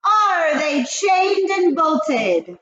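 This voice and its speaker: A woman reading aloud voices an imperious witch queen with a hard, metallic, rasping voice and slow, loud, drawn-out commands. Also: very high voice, very animated, muffled recording, a little hiss or hum, pitched above the performer's own voice, full character voice. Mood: commanding.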